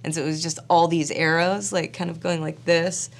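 A woman who acts and directs, telling a story in a casual interview, chatty and animated with plenty of fillers. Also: sits low, moderate pace, gravelly. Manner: animated, chatty, full of fillers and quoted asides. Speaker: actor and film director.

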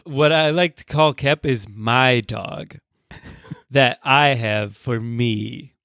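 A man's voice: mid-range voice, vocal fry, fairly bright tone, no room sound, studio quality. A man co-hosting a podcast, hesitant and laughing often in casual banter. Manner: slow, hesitant, laughs a lot. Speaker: podcast co-host.

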